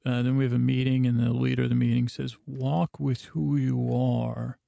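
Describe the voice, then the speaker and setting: A man's voice: mid-range voice, level tone, moderate pace, gravelly, mellow, no echo, studio quality. A man hosting a bedtime podcast, retelling a story in a meandering, digressive way with many asides. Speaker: podcast host. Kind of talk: rambling bedtime podcast recap.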